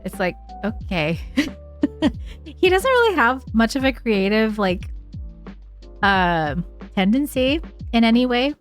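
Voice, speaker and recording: A woman's voice: on the high side, sing-song, a little slow, soft background music. A woman live streamer chatting casually with her viewers, frank and chatty, swearing freely and using lots of filler words.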